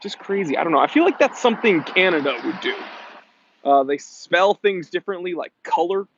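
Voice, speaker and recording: A man's voice: high voice, lively intonation, a little fast, background noise. An American man hosting a casual live stream, chatty and upbeat, reading viewer comments aloud and laughing often, with slightly dull lo-fi stream audio.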